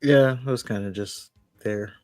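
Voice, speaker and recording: A man's voice: medium pitch, measured pace, darkish tone, dry recording, clean studio sound, faint music behind. Wry podcast co-host man. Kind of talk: casual chat.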